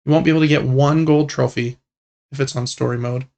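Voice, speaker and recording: A young man co-hosting a casual gaming podcast, talking in a relaxed, rambling and enthusiastic way. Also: medium pitch, brisk, creaky. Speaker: podcast co-host.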